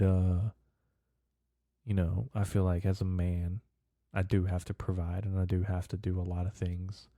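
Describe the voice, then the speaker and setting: A man's voice: deep voice, dark tone, no echo, clean studio sound. A man in his twenties hosting a podcast, rambling casually in a profane, bro-speak manner. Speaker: podcast host.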